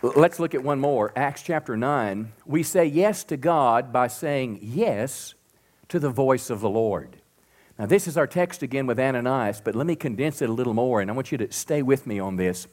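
A middle-aged man preaching to a church congregation, swinging from loud emphatic peaks to soft drops and calling out to the crowd for responses. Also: mid-range voice, expressive, moderate pace. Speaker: pastor. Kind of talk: sermon. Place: church sanctuary.

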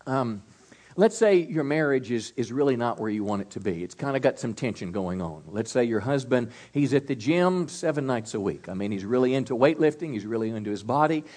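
A middle-aged man preaches in a relaxed, folksy way, with a speaking pitch that sits in an ordinary middle register. He draws the congregation in, asking them to repeat words, and drops homespun asides between points. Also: a little fast. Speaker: pastor. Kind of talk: sermon.

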